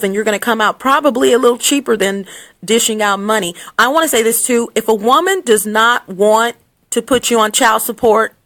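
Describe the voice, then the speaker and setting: A woman's voice: medium pitch, a bit bright. A woman vlogging blunt advice to camera in a casual, scolding way, recorded on her phone. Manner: blunt, scolding, with laughs and restarts. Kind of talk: casual unscripted rant to camera.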